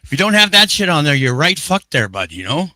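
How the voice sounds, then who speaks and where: A man's voice: fairly high pitch, big pitch swings, brisk, pushed and bright, dry recording. A man on a live stream hamming up a Canadian accent, swearing a lot and stumbling over his words. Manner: exaggerated Canadian slang, heavy swearing. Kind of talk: casual chat.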